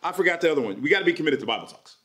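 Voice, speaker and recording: Male pastor, energetic jokey sermon, bright and forceful voice. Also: on the high side, racing. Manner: lively, jokey preaching with playful put-on voices. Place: church service with congregation responding.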